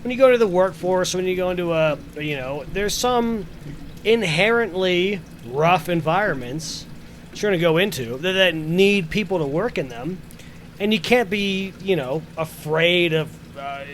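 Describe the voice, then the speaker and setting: A man's voice: sits high, animated, normal speed, slight background noise. A man co-hosting a podcast in casual chat, telling stories in a rambling way with fillers and swearing. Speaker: podcast co-host.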